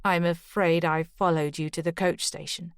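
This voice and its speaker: Brief: a female narrator voicing a sheepish, apologetic Irish man, lowish voice, dry close sound. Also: steady tone, normal speed, smooth, no room sound, close to an everyday voice. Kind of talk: audiobook character dialogue.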